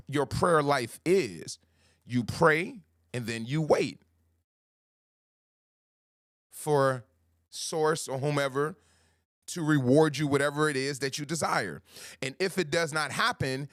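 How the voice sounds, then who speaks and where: A man hosting a livestream as a life coach, greeting viewers by name and talking slowly and emphatically, repeating his key phrases. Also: on the high side, no room sound, studio quality. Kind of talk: motivational livestream talk.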